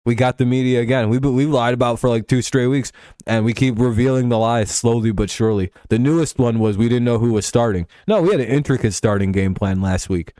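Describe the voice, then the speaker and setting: A man's voice: medium pitch, brisk, dark tone, no room sound. A man hosting a casual sports commentary show, rambling and profane, laughing often between points. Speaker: show host.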